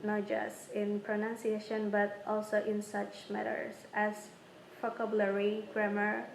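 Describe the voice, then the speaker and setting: Slow halting young woman reading answers. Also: medium pitch, completely flat delivery, vocal fry, slight background noise, rough recording. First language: Indonesian. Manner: halting, reads in short phrases with stumbles. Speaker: student answering an exam. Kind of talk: reading prepared answers aloud.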